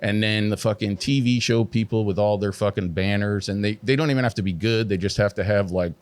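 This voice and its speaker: Low-voiced man swearing through a candid story. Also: a little fast. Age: middle-aged. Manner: heavy swearing, constant "like" fillers; animated, pitch jumps when emphatic. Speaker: tattoo artist guest.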